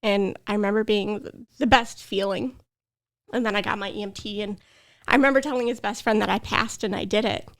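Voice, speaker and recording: A woman's voice: mid-range voice, a little fast. A young adult woman, a podcast guest, earnestly telling a personal story with emotion. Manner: earnest, emotional, tearful at times.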